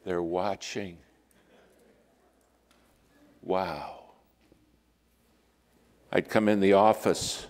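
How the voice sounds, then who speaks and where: Male preacher, lowish voice, storytelling sermon, long church reverb. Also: takes it slowly, pauses often. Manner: storytelling with lively acted-out quotes. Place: church sanctuary.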